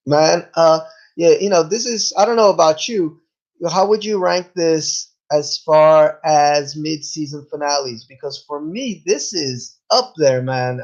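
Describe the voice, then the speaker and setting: A laid-back man reviewing a TV episode in a loose, rambling chat. He drops casual swears and keeps getting caught by hiccups. His voice sits fairly high, and the recording sounds a little dull and lo-fi. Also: creaky. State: has hiccups. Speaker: TV show reviewer.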